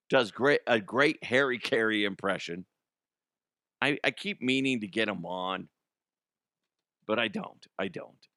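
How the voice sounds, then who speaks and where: A man's voice: mid-range voice, a bit bright, clear, resonant tone, dry recording, clean studio sound. A man hosting a comedic sports talk show, rambling and profane, slipping into mock impressions.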